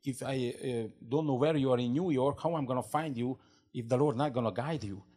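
A man's voice: medium pitch, brisk, mellow. A man who learned English as a second language, telling a fervent faith testimony as an interview guest, in broken English full of restarts and repeated words. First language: not English.

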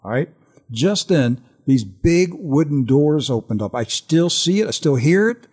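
An older man telling an earnest personal testimony on a Christian talk show, animated and full of restarts. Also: on the high side, measured pace, husky.

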